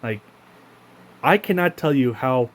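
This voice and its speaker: A man's voice: mid-range voice, animated, unhurried. A man hosting his own channel, talking in an indignant, profane rant that halts often and restarts its sentences. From Canada. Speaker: channel host. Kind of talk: casual spoken rant to camera.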